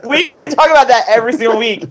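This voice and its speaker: A woman's voice: fairly high pitch, fast. Blunt teasing woman co-host. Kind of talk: casual chat.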